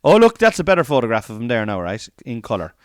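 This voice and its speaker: A man's voice: medium pitch, wildly swooping pitch, fast talker, dry recording, studio quality. An Irish man hosting a casual podcast, jokey and rambling, laughing often as he banters about sport. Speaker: podcast host.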